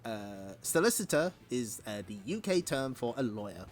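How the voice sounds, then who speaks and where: Male streamer reading comics, giggly chatty asides, lively pitch. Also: normal speed, faint music behind. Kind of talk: comic read-along.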